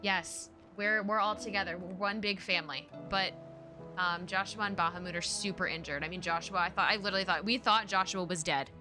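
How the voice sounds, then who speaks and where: A young adult woman streamer giving an excited, rambling casual recap of a game. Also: lowish voice, a little fast. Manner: excited, rambling retelling with fillers. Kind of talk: casual let's-play recap. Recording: stream with game music behind.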